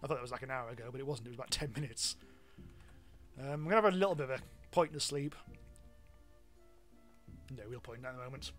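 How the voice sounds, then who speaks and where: A man's voice: mid-range voice, quick pace, long pauses, faint music behind. A British man streaming a game live, chatting casually and rambling with self-mocking asides and frequent ums. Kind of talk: live gameplay commentary.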